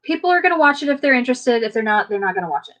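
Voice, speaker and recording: A woman's voice: fairly high pitch, very animated, racing, dull audio. A woman hosting a casual live chat and talking to her viewers in a rambling, friendly way, with lots of fillers. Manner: rambling, chatty, many fillers; warm, friendly toward viewers. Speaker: live stream host.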